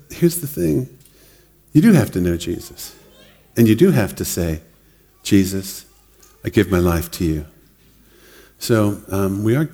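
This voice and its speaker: A man preaching a sermon in a relaxed, conversational way, often laughing and acting out other people's words. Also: fairly low pitch. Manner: conversational, laughs often, acts out quoted voices. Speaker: pastor. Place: church hall. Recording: long reverb of a church hall.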